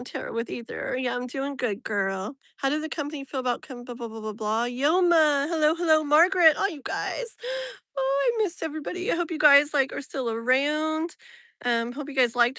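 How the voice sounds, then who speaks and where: A woman's voice: mid-range voice, fairly bright tone, no echo. A woman reading tarot on a live stream, chatting casually with viewers, laughing often and greeting them by name. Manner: rambling, filler-heavy.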